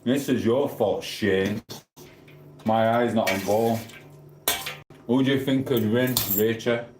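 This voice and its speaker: This South Yorkshire livestreamer speaks at medium pitch and a slow pace against a noisy background in an echoey room. He chats casually, rambling along and bantering cheekily with viewers' comments.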